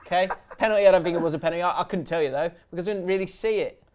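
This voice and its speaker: A young man, co-hosting a casual football podcast, telling stories with quick sweary asides. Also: high voice. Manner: animated storytelling, laughs, quick sweary asides. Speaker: podcast co-host.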